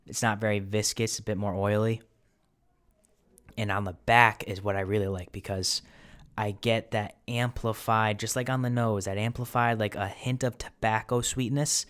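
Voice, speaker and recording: Rambling low-voiced man reviewing whisky. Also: fairly even intonation, normal speed, a bit bright. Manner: rambling, filler-heavy, goes off on tangents. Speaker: host. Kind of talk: casual whisky tasting review. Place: apartment.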